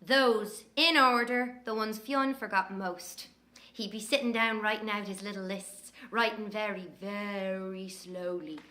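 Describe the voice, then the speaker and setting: An actress playing a sharp-tongued, brash young Irish woman telling stories in an audio drama monologue. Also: medium pitch, measured pace. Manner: brash, scornful, lively storytelling.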